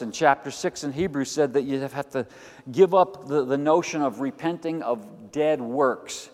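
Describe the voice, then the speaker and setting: An older man preaching a sermon as pastor, animated, moving between quiet asides and loud emphatic lines. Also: fairly high pitch. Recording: long hall reverb.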